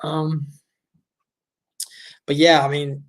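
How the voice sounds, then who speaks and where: A man's voice: fairly high pitch, monotone, drawn-out words. Blunt, profane man ranting about a film. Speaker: movie reviewer. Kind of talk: casual ranting film review.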